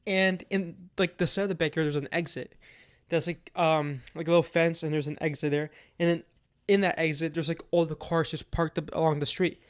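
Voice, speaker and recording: A man's voice: on the high side, fairly even intonation, fairly quick. A young man telling a casual, rambling story time with lots of filler words and swearing.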